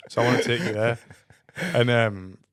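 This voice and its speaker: A man's voice: medium pitch, fairly even intonation, normal speed, a bit bright, no echo. Guy rambling thru a story on a podcast, mid voice, dead dry mic. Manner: rambling, self-mocking, full of "like" and restarts. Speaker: comedian and podcast co-host. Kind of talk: casual storytelling chat.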